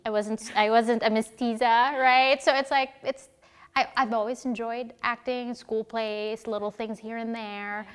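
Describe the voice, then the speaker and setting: An expressive woman from the Philippines in her thirties, giving a casual interview. Her voice sits at a medium pitch. She talks in a lively, chatty way and laughs often between thoughts. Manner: animated and expressive, laughs often, many fillers. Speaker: actress, interview guest.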